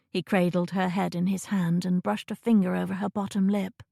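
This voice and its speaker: A woman narrates a romance audiobook in a measured, intimate tone, her voice fairly low with a gravelly texture. She is close to the mic in a dry, deadened booth. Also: little pitch movement, dark tone, no echo.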